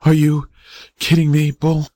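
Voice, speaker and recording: A man voicing a frail, dying young boy who speaks weakly in slow whispers, brave and a little self-important. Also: a little high, monotone, dark tone, no echo, studio quality, pitched above the performer's own voice, lightly acted. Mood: faint, wistful.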